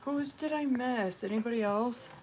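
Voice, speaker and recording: A woman's voice: fairly high pitch, normal speed, a little mellow, slight background noise. A woman in her thirties or forties chatting casually on a live tarot stream, blunt and profane, laughing often as she reads out messages. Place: home kitchen.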